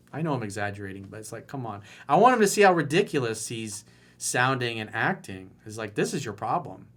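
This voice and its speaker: A man's voice: medium pitch, very animated, a little fast, fairly bright tone. A man coaching on dating in a solo monologue, blunt, mocking and profane.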